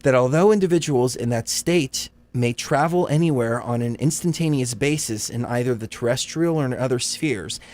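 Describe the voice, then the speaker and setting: A man co-hosting a casual live stream, joking with chat, laughing often and reading a document aloud haltingly. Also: mid-range voice, darkish tone. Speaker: livestream co-host.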